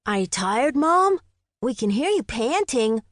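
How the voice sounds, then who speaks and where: A woman narrator voicing a cheeky boy twin who teases his mother, in a lively audiobook reading. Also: unhurried, dry recording, studio quality. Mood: teasing. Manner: teasing, high boyish voice.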